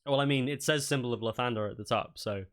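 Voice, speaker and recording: A man's voice: medium pitch, quick pace, fairly bright tone, smooth. A man running a tabletop game as dungeon master, narrating loosely with many fillers.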